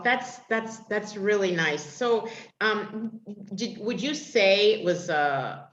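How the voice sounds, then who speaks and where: A woman's voice: medium pitch, reverberant, muffled recording. A woman hosting a casual interview, asking hesitant questions full of fillers over a video call. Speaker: host.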